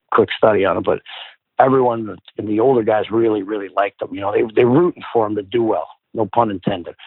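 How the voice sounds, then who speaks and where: A middle-aged man with a slightly low voice tells stories in a loose, profane way and slips into the voices of the people he quotes. The sound is thin and phone-like, close and completely dry. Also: no echo. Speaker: guest, former hockey player. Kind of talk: casual storytelling.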